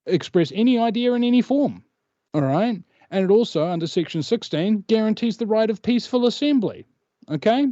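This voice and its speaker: Kiwi guy guesting on a chat show, rambling, lots of uhs, kinda high voice but dark tone. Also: lively intonation, fairly quick, no echo, dull audio. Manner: rambling storyteller, many hesitations. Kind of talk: casual interview chat.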